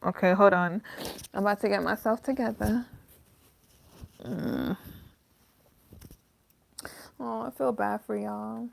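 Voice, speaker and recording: A woman's voice: medium pitch, fairly even intonation, takes it slowly, vocal fry, pauses often, a little mellow, a little hiss or hum. A woman giving a casual, emotional tarot reading, talking straight to her viewers with some swearing. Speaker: tarot reader.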